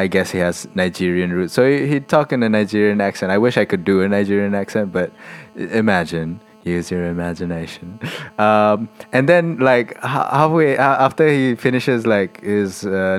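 A man's voice: lowish voice, moderate pace, hardly any pauses, faint music behind. A man with a Malaysian English accent chatting casually as a guest, hesitant and slipping Malay words into his English. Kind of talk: casual chat.

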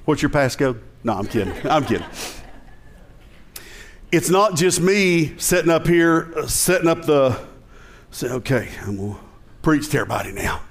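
A man with a Southern American accent preaches from the pulpit in a somewhat high voice. He keeps it conversational and joking, then climbs into loud, emphatic declarations. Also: animated, normal speed, long pauses. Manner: conversational preaching with jokes and rising emphatic passages. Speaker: pastor. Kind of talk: sermon.

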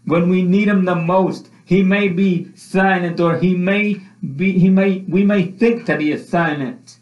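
Slow, impassioned preacher in an echoey hall. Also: male voice, sits high, fairly even intonation, darkish tone. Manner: impassioned, repeats phrases, rises and falls. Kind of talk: sermon. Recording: echoey room, dull lo-fi sound.

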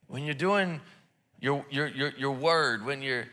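Bright-voiced joking male preacher. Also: mid-range voice, measured pace. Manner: casual, joking preacher with many repeated words. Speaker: pastor. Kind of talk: sermon. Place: church service.

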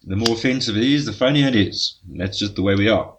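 A man co-hosting a relaxed podcast chat. His voice sits low, and he talks bluntly, swearing without a second thought. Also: quick pace, background noise. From South Africa. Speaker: podcast co-host, blacksmith.

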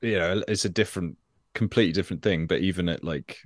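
A man co-hosting a podcast, chiming in with relaxed, chatty asides. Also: deep voice, fast talker, dry recording, clean studio sound. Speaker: podcast co-host. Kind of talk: casual chat.

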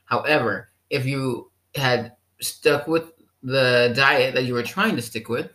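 A bright, clear voice talks right to the camera like a friendly coach. The delivery is animated and teasing, acting out the listener's own excuses with a wink. This is a health vlogger giving a pep talk. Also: mid-range voice, takes it slowly. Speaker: health vlogger addressing people with diabetes. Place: living in a German-speaking country.

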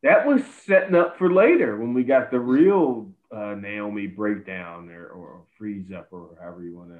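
Lively man over a tinny line. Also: fairly low pitch, normal speed. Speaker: podcast co-host. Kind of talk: casual chat.

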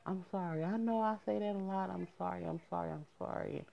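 Woman quoting a remorseful man, pleading and apologetic; low pitch, dull recording. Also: quick pace, lightly acted.

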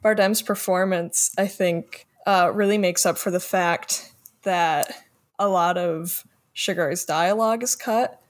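A woman's voice: fairly low pitch, takes it slowly. A woman co-hosting a casual film discussion, tentative and self-deprecating.

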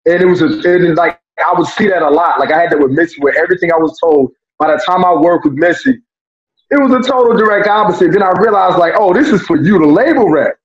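Brief: relaxed man with a high voice, reflective storyteller, dull roomy recording. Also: quick pace. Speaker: former music TV show staffer. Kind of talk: casual chat.

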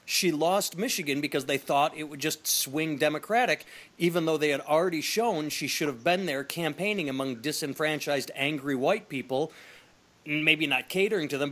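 A man's voice: a little high, moderate pace, a bit bright. Wry chatty male podcast host. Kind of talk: casual podcast chat.

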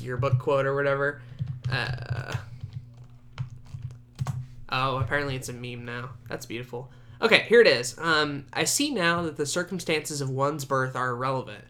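A young man hosting his own podcast, chatting casually and rambling, often laughing, his voice jumping high at times. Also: bright, forceful tone. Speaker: podcast host. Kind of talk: casual solo podcast chat.

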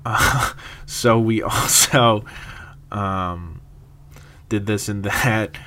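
A young man with a somewhat low voice tells a story in a loose, rambling way. He laughs often and stops for plenty of "uh"s and "um"s as he goes. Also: fairly even intonation, drawn-out words, sharp tone, a little hiss or hum. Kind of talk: casual storytelling monologue.

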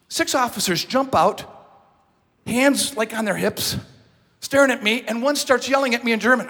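A male pastor telling a story from the pulpit in an animated, self-mocking manner, with a breathy voice in a large hall. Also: very high-pitched. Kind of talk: sermon storytelling.

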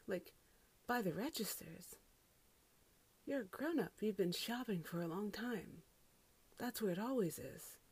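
A woman's voice: medium pitch, expressive, measured pace, pauses often, slightly rough. A woman who works as a grocery cashier, ranting casually about customers from inside a closet, exasperated and incredulous and swearing freely.

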